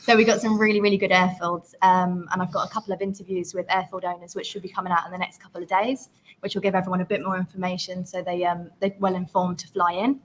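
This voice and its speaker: Bubbly, chatty woman pitching a club. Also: flat delivery, a little hiss or hum, rough recording. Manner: chatty, bubbly, quick to laugh. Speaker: flying club organiser. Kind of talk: casual promotional talk.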